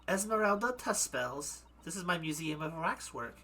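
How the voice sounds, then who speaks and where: A man doing a poised young waxwork artisan from a murder-mystery game, speaking in a wobbly mock French accent that keeps slipping toward German. Her delivery is formal and measured, with a bright, forceful edge, and she trips over her own French words now and then. The voice sits a little high. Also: animated, a little hiss or hum. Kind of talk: reading game dialogue aloud.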